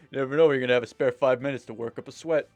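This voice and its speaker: A man's voice: mid-range voice, quick pace, darkish tone, no room sound, lightly acted. A man voicing a brash, flirty woman who lifts weights and talks in a cocky, teasing way, over faint game music.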